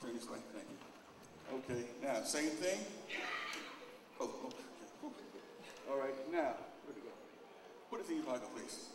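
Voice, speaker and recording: A man's voice: mid-range voice, measured pace, long pauses. Man speaking in an echoey hall. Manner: casual, instructing volunteers as he demonstrates; gets loud and animated in stories. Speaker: opening speaker at a lecture. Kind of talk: live demonstration talk to an audience. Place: large echoing hall. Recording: echoey hall, distant mic, background noise.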